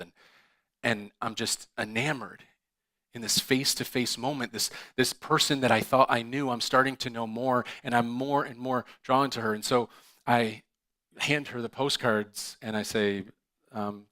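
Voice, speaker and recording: A male pastor telling a personal story in a sermon, animated and acting out the dialogue with laughs. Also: mid-range voice, no room sound. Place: church.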